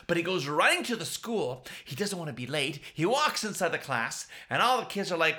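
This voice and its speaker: A man hosting a show, telling a silly comic story to kids in a playful, animated way. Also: fairly high pitch, brisk, hardly any pauses. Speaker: storyteller host.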